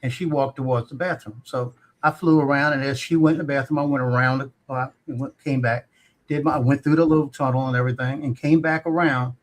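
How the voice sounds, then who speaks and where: A man's voice: mid-range voice, fairly even intonation, fast talker. A man, a guest drone pilot telling a long casual story and repeating himself. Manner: rambling, acts out voices, repeats himself. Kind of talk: casual storytelling on a live stream.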